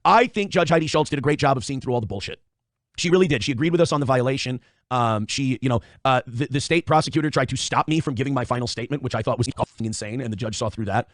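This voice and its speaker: A man's voice: medium pitch, fast talker, no echo, clean studio sound. A man in a casual livestream monologue, blunt and profane, often circling back to the same points. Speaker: streamer.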